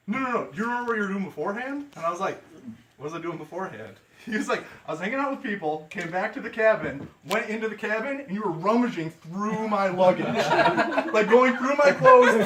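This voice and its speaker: A man telling a funny story to a group of friends, animated and laughing often as he acts out the people in it. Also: sits high. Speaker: friend giving a toast. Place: indoor room with a gathering of friends. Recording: echoey room, voice from far off, chatter behind.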